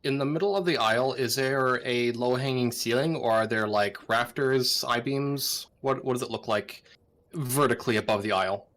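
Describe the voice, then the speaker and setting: A man taking part in a tabletop role-playing game, talking casually and hesitantly. He asks questions and narrates his character's moves in an everyday mid-pitched voice. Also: normal speed, fairly bright tone. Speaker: player.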